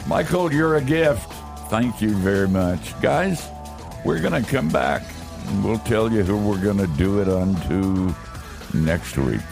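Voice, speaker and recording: A male talk show host wraps up with unhurried jokes and thanks. His voice is very low and gravelly, and he speaks slowly. Music plays clearly behind him. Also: expressive. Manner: joking, unhurried.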